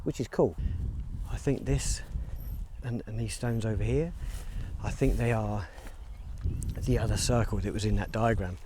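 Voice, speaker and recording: A man talks casually into a handheld camera as he walks around a field outdoors, chatting playfully with the cows around him. His voice is warm and mellow. Faint outdoor ambience sits under his voice. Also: fairly low pitch, a little hiss or hum. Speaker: vlogger. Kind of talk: casual walking vlog. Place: outdoor field beside a stone circle.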